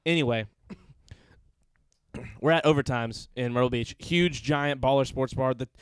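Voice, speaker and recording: A man's voice: medium pitch, takes it slowly, smooth, dry recording. A young man chatting on a podcast, rambling and often cutting in with asides. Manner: rambling, jumps in, laughs often. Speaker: podcast co-host. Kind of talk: casual chat.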